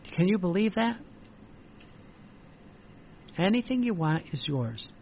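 A man's voice: high voice, big pitch swings, slow, darkish tone, dull audio, a little hiss or hum. A man preaching a devotional sermon with fervor and repetition, reading passages aloud. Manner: fervent, repetitive, reads quoted passages aloud.

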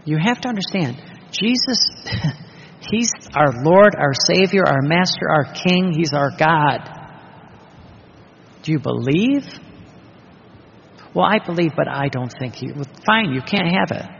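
A man's voice: a little high, lively intonation, measured pace, gravelly, pauses often, a bit bright, slight background noise. A man preaching a sermon, emphatic and full of rhetorical questions. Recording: dull reverberant hall recording.

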